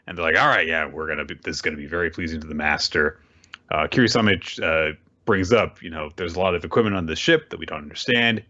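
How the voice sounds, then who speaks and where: A man's voice: deep voice, quick pace, bright, forceful tone, highs cut off. A man hosting a casual recap show, talking animatedly with bursts of swearing and voiced character lines. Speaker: podcast host. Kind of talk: casual manga recap chat.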